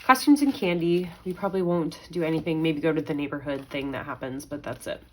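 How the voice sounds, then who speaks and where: A woman's voice: low voice, brisk, a little mellow, slight background noise, rough recording. A young woman, chatting casually as she counts out budget money in a vlog. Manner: chatty, counting aloud, mild self-talk. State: pregnant. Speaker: budgeting vlogger. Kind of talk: casual chat while counting cash.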